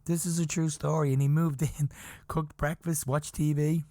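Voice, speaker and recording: A man hosting a podcast, telling a story in a casual, animated way, chuckling often, swearing, and insisting that it is true. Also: fairly high pitch, normal speed, no room sound, clean studio sound. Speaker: podcast host.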